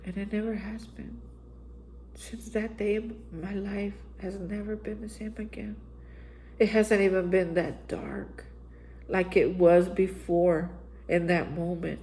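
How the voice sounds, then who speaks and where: A woman's voice: mid-range voice, steady tone, takes it slowly, dark tone, a little hiss or hum, rough recording. A woman hosting a daily reflection channel, telling an earnest personal recovery story and acting out her own past lines. She is from Texas.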